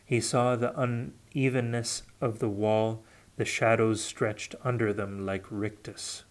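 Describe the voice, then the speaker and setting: A man reading a novel aloud unrehearsed, in a measured, unhurried way. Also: lowish voice, level tone. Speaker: audiobook reader. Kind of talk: unrehearsed audiobook narration.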